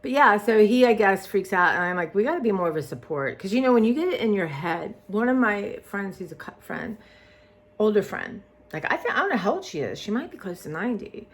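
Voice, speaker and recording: A woman's voice: mid-range voice, sing-song, fairly quick. A woman, vlogging in a rambling casual chat that trails off and restarts often.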